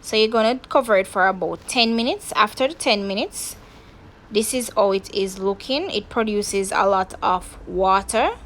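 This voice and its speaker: Jamaican woman, cooking channel host, casual step-by-step talk, mid-pitched, home kitchen. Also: moderate pace, a bit bright, poor audio. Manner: chatty step-by-step explaining to viewers.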